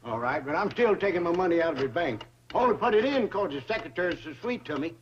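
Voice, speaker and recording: A man's voice: a little high, animated, fast, lightly acted. An actor playing a boastful, girl-chasing old hillbilly man with a rural drawl in a sitcom. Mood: grumbling. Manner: rural drawl, comic and chatty. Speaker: bank customer. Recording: dull old TV audio with laugh track and hiss.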